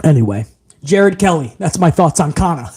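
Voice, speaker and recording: A man hosting a live wrestling commentary stream, ranting in an exasperated, profane, animated way. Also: on the high side, moderate pace, breathy edge.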